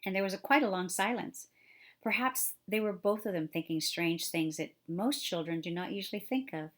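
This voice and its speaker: A woman's voice: lowish voice, fairly quick. Woman reading a children's story aloud. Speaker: children's book reader.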